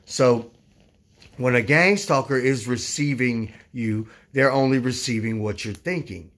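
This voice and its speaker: A man's voice: mid-range voice, a little slow, a bit bright. Rambling man talking to camera. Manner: rambling, many fillers and restarts; insistent, corrects viewers. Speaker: YouTuber. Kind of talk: casual talk to camera.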